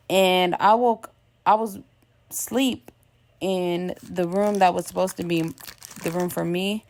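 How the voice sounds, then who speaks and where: A woman tells a casual story, looping back with fillers and restarts as she goes. Her voice is lowish and stays flat, with little rise and fall. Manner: rambling, many fillers and restarts.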